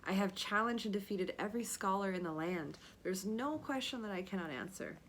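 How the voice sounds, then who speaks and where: A woman's voice: medium pitch, animated, a little fast, fairly bright tone, slight background noise, natural voice. A woman voicing a boastful, disdainful male scholar in a dismissive tone.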